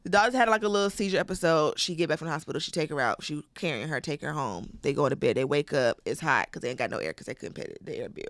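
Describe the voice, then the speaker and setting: Her voice is low-pitched and fast, with hardly any pauses, and there's no room sound. She co-hosts a comedy podcast, recapping a film's plot in a casual, heavily profane way and performing the quotes.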